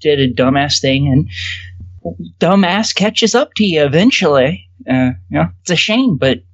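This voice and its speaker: A woman with a husky voice talks bluntly and sardonically, with plenty of swearing. Her pitch jumps around a lot, and the recording is dry and close. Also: animated, normal speed, no room sound, lo-fi sound. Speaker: podcast co-host. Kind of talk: casual chat.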